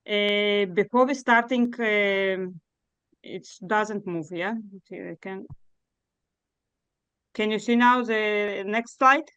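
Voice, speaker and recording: A woman with a Russian accent presents her program in earnest but halting English. Her voice is smooth and clear. The sound is dry and close. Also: mid-range voice, a bit bright, no room sound, dull audio. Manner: earnest, halting non-native English with fillers. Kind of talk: workshop presentation.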